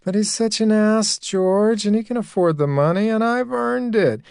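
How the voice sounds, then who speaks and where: A man's voice: normal speed, creaky, darkish tone, clear, resonant tone, dry recording, studio quality. A man putting on a brash boozy woman. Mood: pleading. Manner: brash, raised pitch, crude. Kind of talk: audiobook reading.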